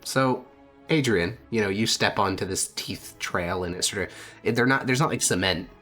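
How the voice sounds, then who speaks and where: A man's voice: lowish voice, moderate pace, bright, forceful tone, faint music behind. A man running a tabletop fantasy game as game master, describing scenes casually with many fillers.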